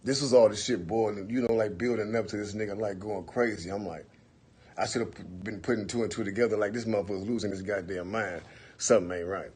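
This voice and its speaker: A man's voice: fairly low pitch, fairly even intonation, fast talker, a little mellow, husky. A man hosting a phone livestream, telling stories to his viewers in a laid-back, profane way, often saying "for real" and "you know what I'm saying". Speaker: livestream host. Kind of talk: casual storytelling to viewers.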